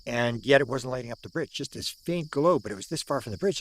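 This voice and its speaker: A man's voice: mid-range voice, animated, quick pace, hardly any pauses, a little hiss or hum. A man in his sixties from Canada, an older UFO researcher telling a story outdoors, repeating words for emphasis and acting out what people said. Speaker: UFO researcher recounting a sighting. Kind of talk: animated storytelling. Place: outdoors at the sighting site.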